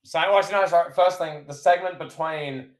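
A man's voice: on the high side, a little fast. A man co-hosting a podcast, recapping a wrestling match in casual chat and acting out the commentators' lines. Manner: animated, acts out commentators' lines. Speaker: podcast co-host.

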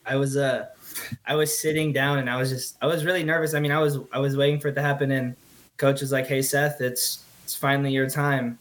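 A young man, a rugby player, answering interview questions in an earnest, halting way. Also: mid-range voice, little pitch movement. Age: young adult. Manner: earnest, halting, repeats words. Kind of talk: casual interview.

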